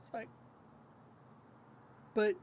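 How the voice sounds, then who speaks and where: Over slight background noise, a man with a slightly mellow voice casually tells a long, rambling story. A paranormal investigator who hosts a podcast, he leans on fillers, restarts himself often, chuckles, and acts out what others said in quick quotes.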